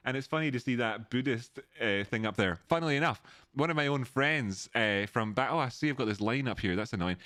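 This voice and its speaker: A man's voice: mid-range voice, animated, a little fast, bright, forceful tone, dry recording, studio quality. A man hosting a casual live stream. He rambles chattily, greets viewers by name and goes off on tangents.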